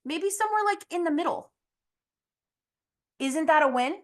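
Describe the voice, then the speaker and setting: A woman's voice: very high voice, lively intonation, moderate pace. A woman hosting a casual motivational podcast, talking candidly with lots of "like" and "you know" and the odd swear, her voice a little strained as she loses it. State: losing her voice, clearing throat. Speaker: podcast host.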